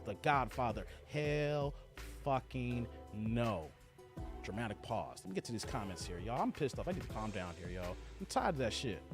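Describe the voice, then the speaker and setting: A man with a high, animated voice runs a livestream, reacting to clips and reading viewer comments. His delivery is heated and full of swearing, swinging widely up and down in pitch. Soft music plays faintly behind him.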